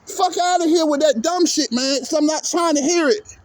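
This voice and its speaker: Guy with a really high voice going off on a profane sports rant, sick of it all. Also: moderate pace, dry recording. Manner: profane, exasperated, repetitive ranting. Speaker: vlogger.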